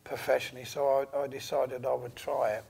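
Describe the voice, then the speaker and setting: A man telling his story as an interview guest, hesitant and full of pauses. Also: mid-range voice, flat delivery, creaky, darkish tone, slightly rough. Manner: hesitant, many pauses and fillers. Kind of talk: halting conversational storytelling.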